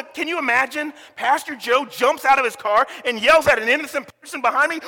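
Pastor, middle-aged man, high bright voice, lively preaching in a reverberant church hall. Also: a little fast, vocal fry, few pauses. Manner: animated preaching, acts out quotes, sometimes shouting. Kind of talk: sermon.

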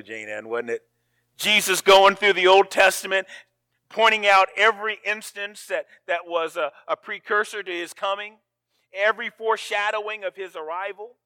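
A man preaches with a bright, forceful voice pitched a little high. His delivery is dramatic, dropping to a hush and then rising to a cry, with words often repeated. The recording is dry and close, with no room sound. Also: no room sound. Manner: dramatic, swings from hushed to loud, repeats words. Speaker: pastor. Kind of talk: sermon.

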